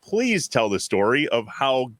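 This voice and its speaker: A man co-hosting an interview in a relaxed, joking way. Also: mid-range voice, measured pace, dry recording. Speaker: podcast co-host. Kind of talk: casual interview chat.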